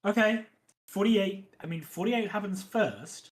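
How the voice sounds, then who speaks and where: Slow, hesitant game master. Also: mid-range voice, lively intonation, low-quality recording. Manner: hesitant, many ums, counts aloud. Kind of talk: running a one-on-one tabletop game.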